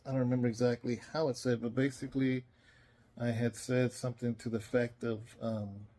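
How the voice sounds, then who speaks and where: A man's voice: mid-range voice, level tone, moderate pace, warm tone. A tired man speaking as a pastor, giving an earnest, rambling, conversational devotional message he recorded himself. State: tired, yawning. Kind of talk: casual spoken devotional message. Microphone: self-recorded.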